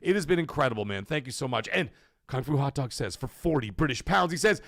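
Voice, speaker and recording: A man in his thirties hosting a live gaming stream, chatting and reading viewer super chats, breaking into loud excited shouts. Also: medium pitch, quick pace, dry recording, clean studio sound. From Canada. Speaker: host of a gaming livestream.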